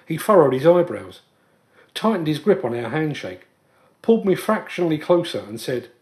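A man hosting a podcast, telling a personal story in an earnest, measured way as a scripted monologue. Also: a little high, big pitch swings, a little mellow. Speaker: podcast host.

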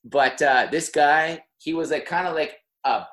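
A man's voice: on the high side, measured pace, fairly bright tone. A young man telling a long anecdote in casual podcast chat, full of "like" and laughing through it. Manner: rambling, heavy on "like", laughs mid-story.

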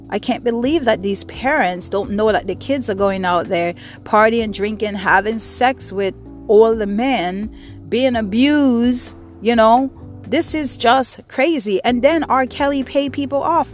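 A woman's voice: fairly high pitch, unhurried. Angry, profane woman ranting over faint music. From Caribbean. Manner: angry, profane, repetitive emphatic speech. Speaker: podcast host. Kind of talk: impassioned monologue.

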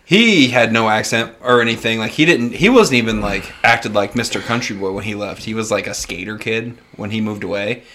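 A man's voice: on the low side, a little fast, hardly any pauses, bright, forceful tone, slight background noise. A man telling stories among friends in casual, crude conversation. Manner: storytelling, blunt and crude.

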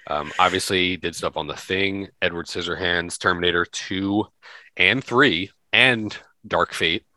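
Low, bright-voiced man in casual podcast chat. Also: a little slow, no echo. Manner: rambling, lists films with many fillers. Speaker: podcast co-host.

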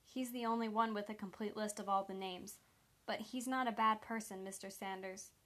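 A woman reading the lines of a frightened teenage boy in a quiet, subdued way. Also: mid-range voice, steady tone, moderate pace, close to an everyday voice.

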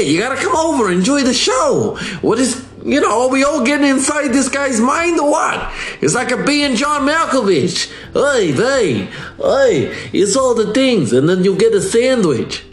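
Pushy New York tough guy, high and lively, echoey room, a man putting it on. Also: exaggerated voice. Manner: pushy, rapid, heckling.

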